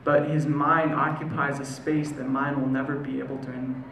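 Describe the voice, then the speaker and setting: Spoken word poet, American man, gravelly mid voice, slow deliberate pauses, roomy echo. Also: mid-range voice, monotone, fairly bright tone. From United States. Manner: measured, deliberate delivery with slow, lingering pauses. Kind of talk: spoken word poetry performance. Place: live performance venue. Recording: echoey room, faint ambient noise.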